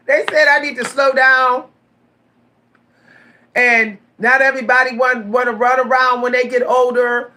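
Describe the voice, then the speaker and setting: A woman in her forties telling stories straight to her viewers in a casual vlog, animated, repeating her words and laughing often. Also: high-pitched, takes it slowly, long pauses, a little hiss or hum. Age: 40s. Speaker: vlogger.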